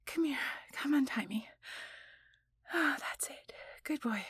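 A woman voicing a flustered married woman who is tied up and hiding a secret, in a breathy whispered role-play that swings between hushed whispers and pleading. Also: high voice, lively intonation, slow pace, no echo, heavily acted. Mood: tender. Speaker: voice actor in an audio role-play.

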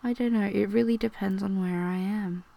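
A young woman who is sick and hoarse. She answers questions in a soft-spoken, rambling chat, drops into whispers at times, and hesitates often with ums. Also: mid-range voice, steady tone, moderate pace. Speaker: video host.

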